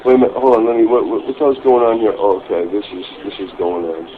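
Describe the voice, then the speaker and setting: A man's voice: on the low side, quick pace. A middle-aged man who was the target of prank calls, rambling over the phone, repeating himself and swearing freely. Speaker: prank call victim. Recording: muffled lo-fi call recording with faint hiss.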